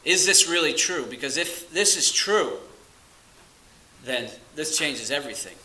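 A man preaching a sermon with a bright, forceful voice. He is earnest and emphatic, leaning slowly on key words and then dropping low. The room around him rings with echo. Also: lively intonation, a little hiss or hum. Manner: earnest, emphatic, with slow stressed phrases and dropping to quiet asides.

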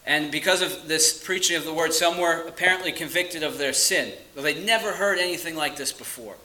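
Guy preaching a sermon, bright forceful voice, earnest and emphatic, echoey room. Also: on the high side. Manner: earnest, emphatic, with slow stressed phrases and dropping to quiet asides.

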